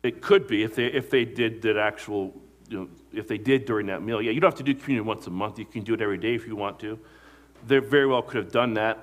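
A man's voice: lowish voice, fast. A male pastor preaching a sermon, telling stories and asking the congregation questions that it answers. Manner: asks the congregation questions and lets them fill in the answer; storytelling, retelling movie scenes.

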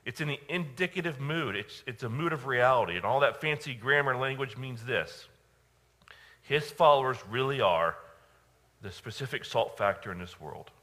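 A male pastor preaching a sermon, emphatic, with dramatic pauses and repeated phrases. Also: mid-range voice, expressive, bright, forceful tone. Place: church.

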